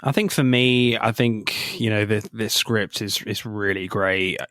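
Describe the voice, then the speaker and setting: A man with a lowish voice chats casually about a film on a podcast, often breaking into quoted lines and laughter. The sound is close and dry, with no room around it. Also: steady tone, unhurried, fairly bright tone, no echo. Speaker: podcast co-host. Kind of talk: casual film review chat.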